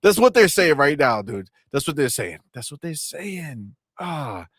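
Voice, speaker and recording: A man's voice: on the high side, sing-song, unhurried, a bit bright, breathy edge, no room sound, studio quality. A man co-hosting a gaming podcast in casual, heated banter, swearing freely and talking animatedly.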